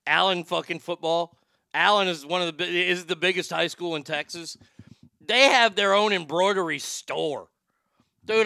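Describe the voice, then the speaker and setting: Male host, high gravelly voice, loose cursing banter, clean dry mic. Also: sharp tone, no echo. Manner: loose, joking, profane banter. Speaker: show host. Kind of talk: casual rambling chat show.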